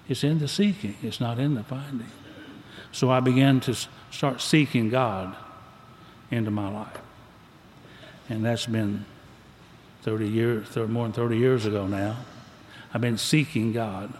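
An older man tells his own story to a recovery meeting in a plainspoken, folksy drawl. His mid-pitched voice carries through a reverberant hall, with a faint hum of room noise underneath. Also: steady tone, a little slow, pauses often, a little mellow.

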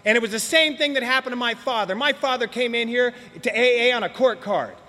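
A man's voice: very high-pitched, a little fast, pushed and bright. An older man giving a blunt, emphatic personal testimony at a recovery meeting, repeating words for effect. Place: meeting hall. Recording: long reverb of a meeting hall.

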